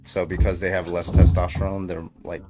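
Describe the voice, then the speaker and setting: A man's voice: low voice, little pitch movement, a little fast, over music. A tired man hosting a debate livestream, chatting casually, laughing and swearing often. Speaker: debate stream host.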